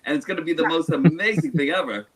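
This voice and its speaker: A man's voice: fairly high pitch, fast, crowd noise, low-quality recording. A man on a video call chatting in a playful, jokey way. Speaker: guest. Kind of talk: casual group chat.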